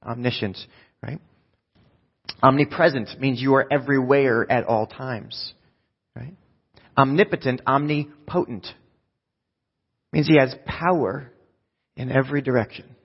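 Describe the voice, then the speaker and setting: A man's voice: medium pitch, a little slow, long pauses, husky. A male pastor preaching a sermon in a casual, conversational, self-deprecating way. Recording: dull echoey hall sound.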